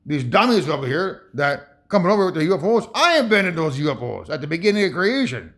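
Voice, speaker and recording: A man from Ontario, Canada, gives a rambling commentary over a video in a voice that sits a little high. He is heated and emphatic, and he swears freely. He keeps breaking off and restarting his sentences as he talks. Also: big pitch swings, fairly quick, fairly bright tone. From Ontario, Canada (Saugeen First Nation).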